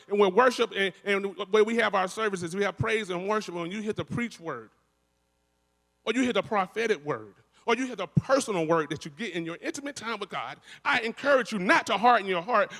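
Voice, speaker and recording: A man's voice: high voice, creaky. Fervent man testifying in a reverberant church. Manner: energetic, repetitive preacher cadence with frequent restarts. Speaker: worship musician and speaker. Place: church building. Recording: long reverb of a large hall.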